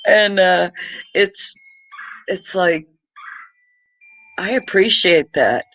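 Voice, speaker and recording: A woman's voice: fairly low pitch, extremely slow, fairly bright tone, no room sound, low-quality recording. A woman, chatting casually and heartfeltly on a livestream as a homesteading channel host, greeting viewers by name. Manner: chatty, heartfelt, reads viewer comments aloud.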